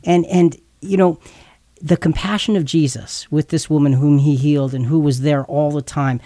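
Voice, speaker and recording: A man's voice: a little high, fairly even intonation, normal speed, mellow, dry recording, studio quality. Earnest man teaching scripture. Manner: earnest, stumbles and repeats words while explaining. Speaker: Bible teacher. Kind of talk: explanatory scripture talk.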